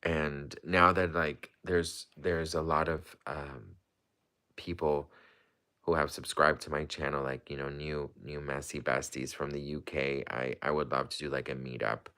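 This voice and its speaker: A low-voiced man chats loosely through a livestream, answering viewers' questions and piling up fillers and restarts as he goes. His voice sits deep but carries a bright, forceful edge. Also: flat delivery, measured pace, smooth. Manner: chatty and rambling, heavy with fillers and restarts. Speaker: livestream host. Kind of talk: casual livestream chat, answering viewer comments.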